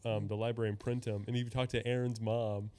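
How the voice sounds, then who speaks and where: A man's voice: lowish voice, level tone, fast talker, a little mellow, clean tone. Young guy rambling and laughing. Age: young adult. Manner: laughing, swearing, rambling storytelling. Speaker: podcast host. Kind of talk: casual chat.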